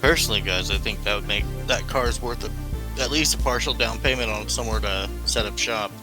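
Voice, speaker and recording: Brief: man, low pitch, very bright, forceful tone, wry and laid-back player. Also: fairly quick, faint music behind. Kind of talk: casual tabletop play.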